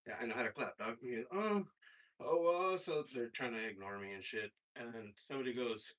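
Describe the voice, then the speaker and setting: A man performing a stand-up comedy set on a club stage, with a profane, halting delivery full of fillers. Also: mid-range voice, a bit bright. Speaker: stand-up comic. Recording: stage mic heard from afar.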